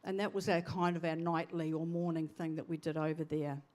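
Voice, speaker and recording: A woman in her sixties giving a eulogy for her sister at a church memorial service, speaking in a halting, heartfelt way and often trailing off. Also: sits low, little pitch movement, darkish tone.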